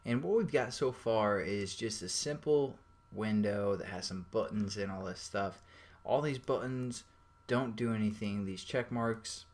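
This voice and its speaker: A young man giving a casual programming tutorial, chatty and rambling, with slangy everyday analogies. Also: lowish voice. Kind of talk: casual screen-recorded coding tutorial.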